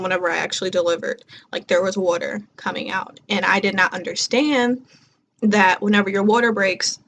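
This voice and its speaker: A young woman vlogging casually, retelling her story in a chatty, animated way and acting out quoted dialogue. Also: mid-range voice, a little hiss or hum.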